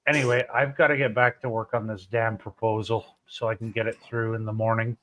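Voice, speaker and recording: A man's voice: on the low side, flat delivery, a little fast, a crowd in the background, poor audio. A man chatting casually with friends on a livestream, laughing easily. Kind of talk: casual chat.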